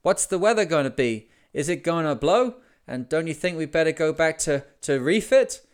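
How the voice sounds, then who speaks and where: A man doing a shouting, green young yachtsman. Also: fairly high pitch, lively intonation, clear, resonant tone, voice pushed up, lightly acted. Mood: anxious. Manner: shouting, raised and hurried. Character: young naive yacht owner, anxious and boastful.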